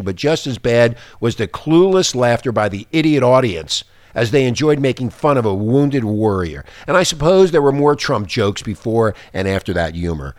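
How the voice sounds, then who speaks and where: A man's voice: on the high side, dry recording, studio quality. A man hosting a talk radio show, ranting angrily and swearing often. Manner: angry, profane, insulting.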